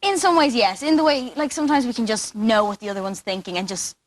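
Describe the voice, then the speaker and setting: A woman's voice: a little high, quick pace. A teenage girl chatting casually as an actress guest in a TV studio, giggly and talkative. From Ireland. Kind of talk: casual interview chat.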